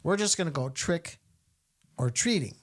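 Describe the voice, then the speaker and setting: Male podcast host, lively higher voice, casual and questioning. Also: normal speed. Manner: animated, rhetorical questioning with many fillers. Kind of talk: casual Catholic podcast chat.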